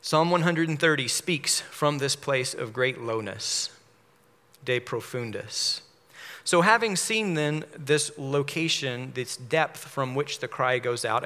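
A man preaching a measured sermon, explaining a psalm verse by verse. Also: mid-range voice, bright, forceful tone. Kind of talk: expository sermon. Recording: long hall reverb.

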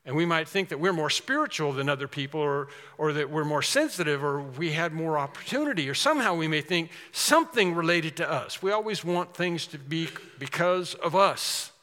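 A man's voice: on the high side, lively intonation, normal speed, few pauses, sharp tone, long reverb tail. A man preaching a sermon in an earnest, emphatic way, repeating key phrases for stress.

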